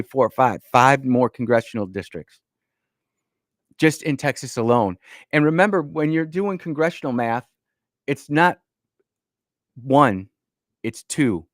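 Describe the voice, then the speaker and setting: A man's voice: mid-range voice, no room sound. Male talk radio host, folksy and emphatic, dry close studio sound. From Northern Illinois. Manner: folksy, emphatic, frequent restarts. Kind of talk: political talk radio commentary.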